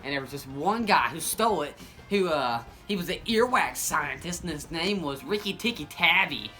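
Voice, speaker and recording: Goofy animated comic storyteller. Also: mid-range voice, moderate pace, soft background music, low-quality recording. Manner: goofy, animated, self-correcting. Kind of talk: rambling improvised comic story.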